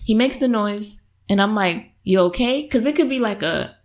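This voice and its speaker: A young woman co-hosting a casual podcast with her husband, teasing him and quick to laugh and push back. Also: medium pitch, animated. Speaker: podcast co-host. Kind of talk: casual married-couple podcast chat.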